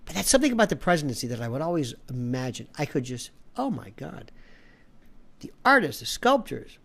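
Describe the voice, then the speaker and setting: A man's voice: fairly high pitch, fairly quick, creaky. A male talk show host delivering a rambling, sarcastic monologue full of digressions. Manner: animated, sarcastic, digressive storyteller.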